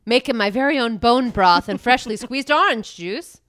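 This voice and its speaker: A young woman with a high, lively voice co-hosts a loose comedy chat. She reads quiz questions aloud, teasing her friend and breaking into giggles. Her tone is bright and sharp. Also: normal speed. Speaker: podcast co-host.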